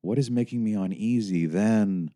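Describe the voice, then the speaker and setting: Reading his own book aloud in the first person, a young author brings a sardonic, weary, wry edge to the audiobook. He speaks at normal speed in a lowish, warm voice.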